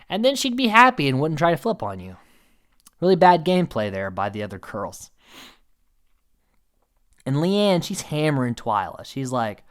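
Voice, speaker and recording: A man chatting through a casual recap in a lively voice that rises and falls a lot. He talks in an animated, offhand way and breaks into laughs now and then. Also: mid-range voice, moderate pace. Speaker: show recap host.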